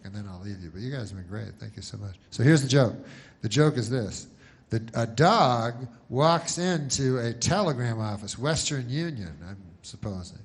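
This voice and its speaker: Rambling deadpan man doing stand-up. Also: medium pitch, creaky. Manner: rambling, halting deadpan delivery with many restarts. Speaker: stand-up comedian. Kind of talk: stand-up comedy. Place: live private show audience.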